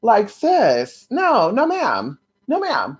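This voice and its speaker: A woman's voice: a little high, wildly swooping pitch, very slow, slightly rough. A woman vlogging from home late at night, talking to her viewers in a sassy, blunt and playful way and calling them honey and sis. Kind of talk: casual talk to viewers.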